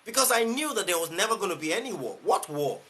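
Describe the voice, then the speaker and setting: A life coach with a Nigerian English accent speaks on a live stream in a bright, forceful voice pitched a little above most men. He is emphatic, repeats his key lines for weight and keeps asking rhetorical questions. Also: very animated, fast. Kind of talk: motivational live-stream talk.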